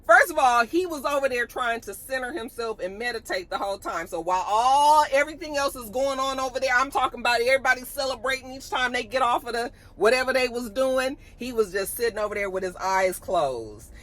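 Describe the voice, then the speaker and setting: A woman vlogger, chatting casually and telling gossipy, animated stories. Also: fairly high pitch, fairly quick, hardly any pauses. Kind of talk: casual chat.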